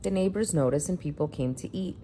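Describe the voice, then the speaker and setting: A woman's voice: fairly low pitch, brisk, dark tone, slight background noise. A woman reading a feature article aloud in a plain narrating delivery.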